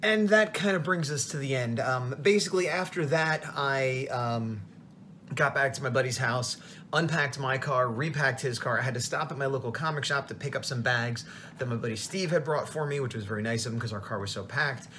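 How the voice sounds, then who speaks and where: A tired man, a comic artist, telling a rambling, animated story in a casual vlog. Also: mid-range voice, a little fast, slight background noise. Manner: rambling, animated retelling with quoted voices.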